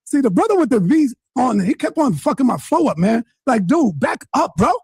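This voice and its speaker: A man streaming live, commenting on a clip to his viewers in an animated, indignant way. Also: very high voice, a little fast, creaky, slightly rough, no echo, studio quality.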